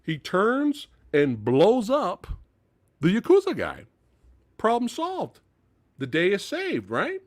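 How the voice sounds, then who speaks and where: Male host, lively swooping delivery, exasperated profane movie rant, dry close sound. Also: sits high, slow, dry recording. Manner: animated, exasperated and profane, with frequent laughs. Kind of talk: casual live-stream movie rant.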